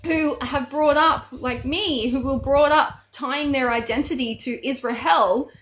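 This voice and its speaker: Woman, high voice, fervent co-host, repeats points in quick bursts. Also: steady tone, a bit bright, slight background noise, poor audio. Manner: fervent, repeats phrases, speeds up. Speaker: co-host of a live chat. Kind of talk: passionate casual chat.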